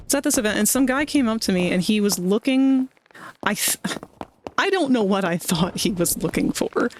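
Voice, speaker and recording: A woman's voice: medium pitch, animated, moderate pace, slight background noise. A woman from Maryland chatting casually on a livestream while playing a game, rambling through stories with self-deprecating asides. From Maryland, United States. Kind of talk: casual chat while gaming.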